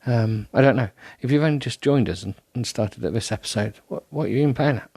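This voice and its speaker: A man's voice: medium pitch, fast talker, creaky, a little mellow, breathy edge, dry recording. A man hosting a solo podcast, rambling in a self-deprecating way with many ums and restarts, sounding tired. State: tired, yawning. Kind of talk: rambling casual monologue.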